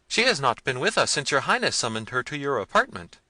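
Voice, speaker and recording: A man's voice: medium pitch, big pitch swings, fast talker, bright, forceful tone, no echo, pitched above the performer's own voice, heavily acted. A man voicing a dutiful young princess in a raised, careful voice. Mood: placating.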